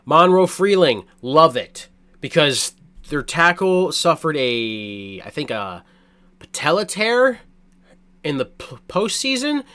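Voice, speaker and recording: Guy ranting about draft picks, swears constantly, voice jumps all over, keeps restarting sentences. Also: fairly high pitch. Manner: excitable, swears a lot, blunt opinions; rambling, many restarts and fillers. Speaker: sports fan reacting to a draft. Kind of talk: casual sports reaction rant.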